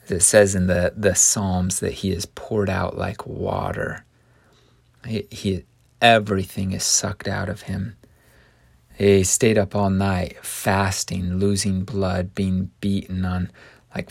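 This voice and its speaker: A man's voice: low voice, little pitch movement, slow, vocal fry, slightly rough, dry recording. A man teaching a scripture lesson in an earnest, vivid storytelling manner.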